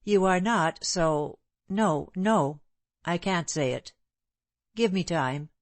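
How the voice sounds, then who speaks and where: An earnest young gentleman torn and pleading, as a woman reading a novel voices him. The delivery is slow and close to the mic, dry with no room sound. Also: fairly low pitch, no room sound. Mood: distressed.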